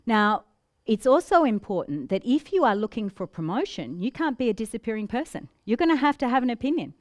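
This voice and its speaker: A woman giving a business training talk, lively and demonstrative, acting out examples with giggles and changes of voice. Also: a little high, fairly quick, no echo, studio quality. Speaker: presenter.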